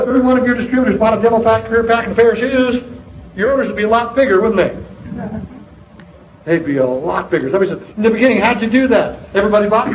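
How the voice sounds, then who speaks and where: A man's voice: high voice, reverberant. Tinny-sounding upbeat middle-aged man. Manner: upbeat storytelling, joking, punchy. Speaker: sales leader speaking at a distributor meeting. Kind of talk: motivational talk to a live audience. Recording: tinny, narrow-band recording of a live talk.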